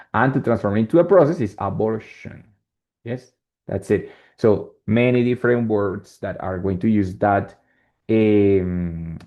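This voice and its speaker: Gravelly Spanish-accented male English teacher. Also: on the low side. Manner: explains slowly, checks with "right?". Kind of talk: classroom lesson. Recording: dull lo-fi classroom recording.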